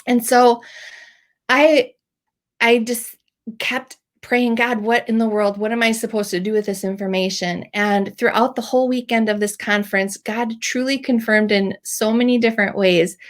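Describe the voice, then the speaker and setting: A middle-aged woman telling a personal faith story as a podcast host, emotional and teary at times, with many fillers. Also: mid-range voice. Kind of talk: personal testimony.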